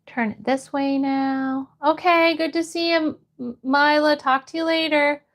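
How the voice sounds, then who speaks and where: A young woman chatting casually on a live stream, reading chat aloud and greeting viewers with bright, bubbly hellos. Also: sits high, fairly even intonation, a little slow.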